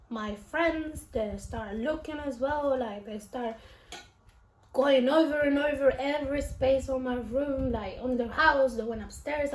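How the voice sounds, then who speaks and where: High-voiced young woman rambling emotionally. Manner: rambling, emotional, many fillers and restarts. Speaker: vlogger. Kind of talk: casual storytelling while eating. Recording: roomy room with faint noise.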